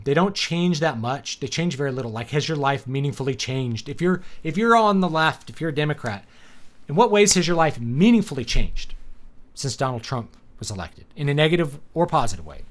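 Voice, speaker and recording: A man's voice: on the high side, expressive, a little fast. A man hosting a casual live talk show, rambling and opinionated, with sarcastic asides and many fillers and restarts. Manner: sarcastic, laughs at his own points. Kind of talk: casual livestream chat.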